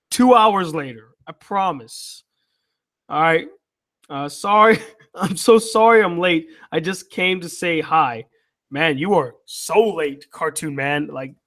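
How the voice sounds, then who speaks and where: A man's voice: high-pitched, fairly bright tone. A tired, yawning man hosting a live chat, reading viewer comments and bantering back with loose, profane teasing. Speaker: YouTube channel host.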